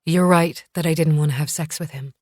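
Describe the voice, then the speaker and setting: A woman's voice: sits low, steady tone, fairly quick, a little mellow, dry recording, clean studio sound. A woman narrator voicing an anxious, aging mother who worries her memory is failing. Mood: rueful.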